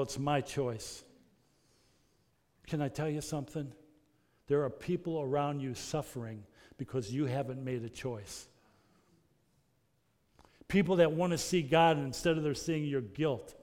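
A man preaching a sermon as pastor, earnest, moving between loud emphasis and soft, intimate passages. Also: fairly high pitch, moderate pace. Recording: long reverb of a large hall.

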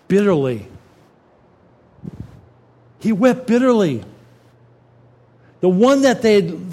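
A man with a somewhat high-pitched voice preaches a sermon in a lively, colloquial style, slipping into casual street-level phrasing as he retells scripture stories. It feels like warm storytelling from the pulpit, not formal recitation.

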